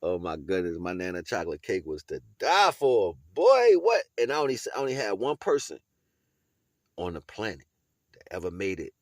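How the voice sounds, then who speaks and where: With a deep, very animated voice at a fairly quick clip, a video blogger rolls through a casual pep talk in street slang. He laughs frequently and repeatedly asks his listener "you know what I'm saying." The sound is dry and clean, like a studio.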